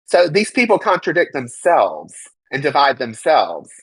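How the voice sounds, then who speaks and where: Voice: mid-range voice, wildly swooping pitch, a little slow, slightly rough, no echo, low-quality recording. Indignant young adult, dry close mic. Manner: emphatic, indignant, swears freely and mocks others in quoted voices. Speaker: interview guest. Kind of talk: candid personal testimony.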